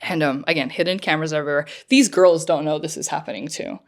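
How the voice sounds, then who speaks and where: Chatty low-voiced woman telling a story. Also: fairly even intonation, fast, gravelly. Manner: chatty storytelling with many fillers and laughs. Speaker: podcast co-host. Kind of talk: casual chat.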